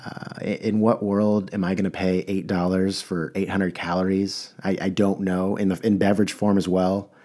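A man's voice: sits low, level tone, normal speed, few pauses, dark tone. A man hosting a podcast, talking through a casual, emphatic monologue with frequent restarts and rhetorical questions. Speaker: podcast host.

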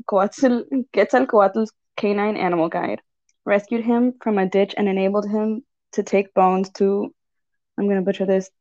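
Calm woman on a dull lo-fi line. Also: medium pitch. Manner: calm and measured, with easy laughs. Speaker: oracle card reader. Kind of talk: reading a card aloud, then casual chat. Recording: dull lo-fi sound.

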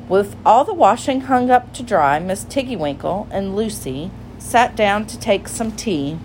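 A woman narrating a children's storybook aloud in a gentle, clear and measured way. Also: lowish voice, animated, slight background noise, low-quality recording.

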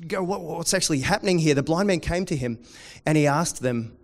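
A man preaching a sermon, dropping to quiet intensity and rising to loud, excited storytelling. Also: fairly high pitch, brisk. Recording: long hall reverb.

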